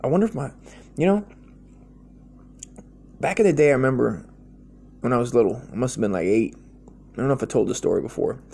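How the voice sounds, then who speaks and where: Gravelly man rambling in a crude comic monologue. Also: medium pitch, brisk, long pauses, darkish tone. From United States. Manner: rambling, slangy, keeps saying dude; crude, blunt and joking. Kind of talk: profane comedic monologue.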